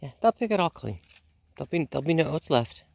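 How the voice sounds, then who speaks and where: A low-voiced homestead vlogger, a bit sick and under the weather, chats casually while doing chores outdoors on a small farm. She talks fast with a creaky voice, relaxed and rambling with many ums, and there's no room sound.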